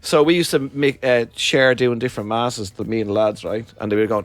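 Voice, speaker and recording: A middle-aged Irish man, a comedian, telling animated stories in a casual interview and slipping into voices for the people in them. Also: medium pitch. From Ireland. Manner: quick, animated, puts on voices for anecdotes. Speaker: comedian guest. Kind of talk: animated storytelling chat.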